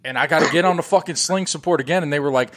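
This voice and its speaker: A man hosting a podcast, chatting casually and telling profane, animated stories full of acted-out quotes. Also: on the high side, rapid-fire. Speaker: podcast host. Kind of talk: casual chat.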